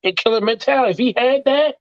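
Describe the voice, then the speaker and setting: A man's voice: very high voice, fast, dry recording. A man co-hosting a casual sports debate, hammering away with repetitive, profane rhetorical questions. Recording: dull, slightly muffled audio.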